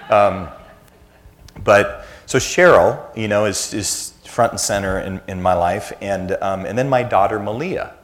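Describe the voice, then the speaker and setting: A man in his fifties, a church speaker giving a conversational sermon full of self-deprecating family anecdotes. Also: deep voice.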